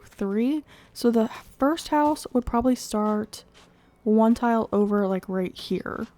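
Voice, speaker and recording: A woman's voice: a little high, dark tone. Congested, chatty woman gaming host. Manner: chatty and upbeat, thinking aloud while building. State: congested from a cold. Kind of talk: casual gameplay commentary.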